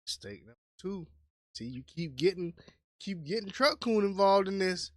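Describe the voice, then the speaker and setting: A man's voice: sits high, animated, normal speed, noisy background. A man reacting to a video with laid-back, wry commentary.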